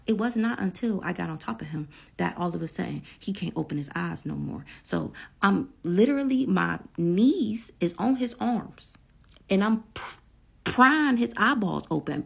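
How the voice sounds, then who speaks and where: A woman's voice: medium pitch, vocal fry, breathy edge. A woman telling her own story to viewers in a casual vlog, emphatic, repeating lines for stress and swearing freely.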